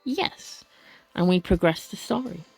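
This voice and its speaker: Soft background music accompanies a woman narrating a story game for a let's play, chatting casually as she reads aloud. Her mid-range voice swings widely in pitch at a normal speed with no echo, and she often stumbles and corrects herself.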